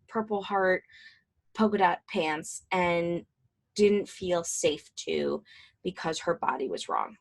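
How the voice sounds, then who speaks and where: A woman in her twenties, a mental health counselor, giving a casual, chatty talk to fellow professionals with plenty of fillers and asides. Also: mid-range voice. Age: 20s.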